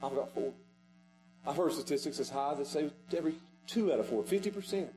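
A male pastor preaching a sermon in a church sanctuary, repeating his pleas with passion and swinging from loud pleading to hushed. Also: fairly high pitch, lively intonation, brisk, music in the background, poor audio.

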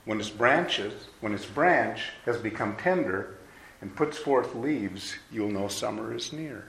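A man's voice: fairly low pitch, expressive, takes it slowly, vocal fry, fairly bright tone. A man preaching a sermon to a live audience in a conversational way, asking them questions. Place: hall with an audience. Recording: roomy hall, faint noise.

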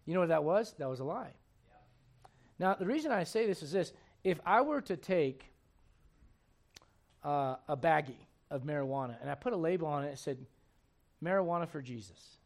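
A man's voice: on the high side, animated, normal speed, pauses often. A man preaching a sermon, emphatic and full of questions to the congregation, reading scripture aloud in old-fashioned wording. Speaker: pastor.

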